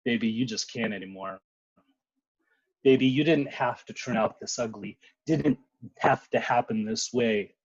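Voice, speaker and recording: A man giving a dramatic spoken word poetry reading, with sudden loud outbursts. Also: mid-range voice, measured pace, slightly rough, no echo. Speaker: poet. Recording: muffled lo-fi sound.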